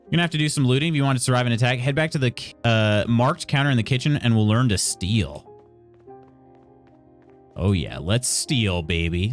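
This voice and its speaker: Playful man with a lively voice. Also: medium pitch, a little fast, faint music behind. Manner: playful, wry asides to chat. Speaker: game streamer. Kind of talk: live gameplay stream, reading tutorial text aloud.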